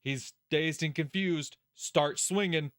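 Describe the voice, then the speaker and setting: A man hosting a let's play, giving casual gaming commentary in an animated, profane way, laughing often and talking straight to the character. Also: fairly high pitch, slow, dry recording, clean studio sound.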